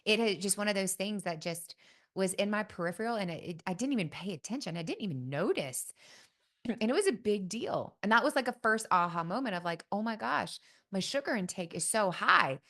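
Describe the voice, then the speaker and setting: A woman's voice: medium pitch, lively intonation, fairly quick, a bit bright. A middle-aged woman hosting a podcast, telling a personal story in a casual, folksy way and often saying "y'all". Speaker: podcast host.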